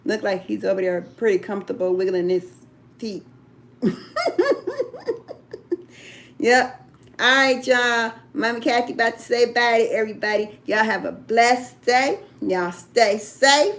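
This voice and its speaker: A woman's voice: fairly high pitch, steady tone, measured pace, pauses often, a bit bright. An older woman hosting a casual live chat from home, chatty and drawn out, laughing often. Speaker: livestream host.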